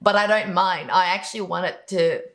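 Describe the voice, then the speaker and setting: This woman's voice is lowish and a bit bright, with fairly even intonation and a moderate pace. As a guest in a relaxed interview, she offers networking advice with enthusiasm, full of stories and frequent laughter.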